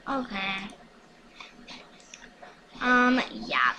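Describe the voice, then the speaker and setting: Hyper, slow-drawling woman gamer. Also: mid-range voice, big pitch swings, muffled recording. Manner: hyper and chatty, with whispered asides. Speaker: gaming vlogger. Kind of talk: casual gameplay commentary. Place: home. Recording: noisy home recording.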